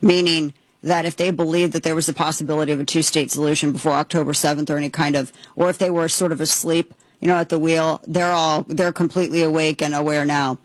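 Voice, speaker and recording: A woman's voice: deep voice, steady tone, quick pace, few pauses, no echo, rough recording. An American woman hosting political commentary, emphatic and opinionated, rambling with frequent restarts. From United States. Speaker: commentary host.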